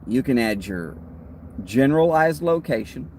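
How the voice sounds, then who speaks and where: Relaxed Texan man chatting on a livestream. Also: mid-range voice, unhurried, slight background noise. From Texas. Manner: relaxed and rambling, friendly asides. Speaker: host of a pipe-smoking livestream. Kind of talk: casual livestream chat.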